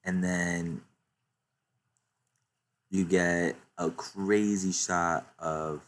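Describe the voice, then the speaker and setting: A man casually recapping a comic chapter, retelling the action excitedly with many fillers. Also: low voice, extremely slow. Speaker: YouTuber recapping a manga chapter.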